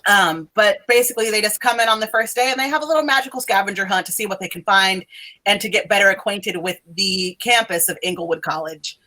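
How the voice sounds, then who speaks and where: A woman narrating a tabletop role-playing game as game master, playful and quick to laugh. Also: medium pitch, bright, forceful tone, poor audio.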